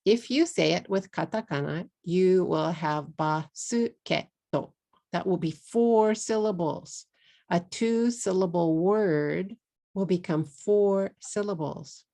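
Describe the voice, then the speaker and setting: A woman with a Texas accent teaching English pronunciation, saying each word slowly and repeating it for learners. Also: fairly low pitch, creaky, warm tone. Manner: slow, drawn-out model words, repeated for learners. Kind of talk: pronunciation lesson.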